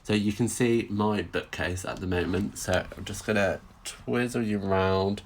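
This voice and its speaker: Guy doing a live stamping craft demo, kinda low voice, chatty, waves hi to viewers, laughs at himself. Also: fairly even intonation, a little slow, a little hiss or hum. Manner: chatty, greets viewers, self-deprecating asides.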